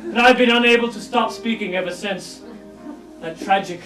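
In a live sketch comedy performance, a man with a high-sitting voice speaks at a moderate pace, playing a grief-stricken, talkative mime who tells his story in an overwrought, melodramatic, theatrical way. The stage audio is echoey and distant, with loud music and audience laughter.

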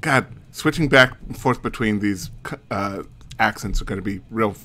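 A man's voice: lowish voice, normal speed, pushed and bright. A man with a Southern US accent doing casual, playful let's play commentary, stumbling over words and mocking himself. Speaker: let's play host reading a game aloud.

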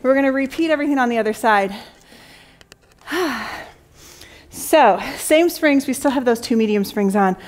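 A woman's voice: high-pitched, animated, moderate pace, pauses often. A young adult woman teaching a Pilates jump board class, counting reps and cheering, a little out of breath. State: slightly out of breath. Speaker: Pilates instructor. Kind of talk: fitness class cueing.

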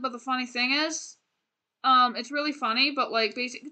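A woman's voice: sits high, fairly even intonation, normal speed, pushed and bright. A young woman streaming a game, chatting casually and playfully as she plays, rambling with lots of restarts. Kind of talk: casual gameplay commentary.

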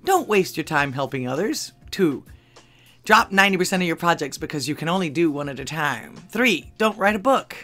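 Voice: mid-range voice, lively intonation, normal speed, sharp tone, soft background music. A channel host at home in Texas, reading funny social media posts aloud and adding dry asides between them, with chuckles at the jokes.

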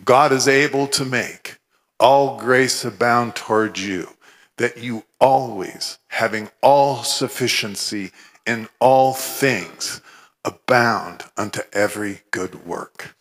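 A man from Oregon giving a humorous, animated testimony sermon, with scripture recited fervently. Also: mid-range voice, slow pace. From Oregon, USA. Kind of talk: storytelling sermon.

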